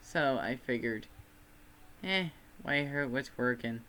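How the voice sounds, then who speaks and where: A man's voice: medium pitch, lively intonation, slow, bright, forceful tone, slight background noise. A young man from Texas with a Texan accent, chatting casually on a livestream in a rambling, self-deprecating way. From Texas, USA. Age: student.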